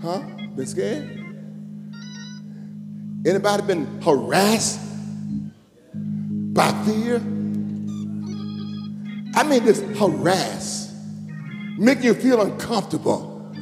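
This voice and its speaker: Preacher, man, high lively voice swooping into sung shouts, recorded in a reverberant church with music behind. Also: takes it slowly, long pauses. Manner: call-and-response preaching, building to sung shouts. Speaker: bishop preaching. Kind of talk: sermon. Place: church sanctuary. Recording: echoey church hall with music.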